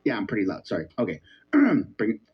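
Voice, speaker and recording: A man streaming from his basement on a headset mic, reacting with loud swearing, shouting and exasperation. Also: fairly low pitch, wildly swooping pitch, fairly quick, slightly rough, muffled recording. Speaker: streamer reacting to a parliament clip. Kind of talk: loud profane reaction commentary. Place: home basement. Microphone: headset with headphones.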